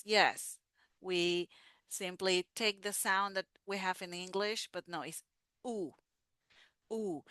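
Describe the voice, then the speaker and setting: A woman's voice: mid-range voice, pushed and bright, smooth, no echo, studio quality. A woman teaching pronunciation, patiently saying each sound and word several times so learners can repeat. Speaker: language teacher. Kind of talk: slow pronunciation lesson.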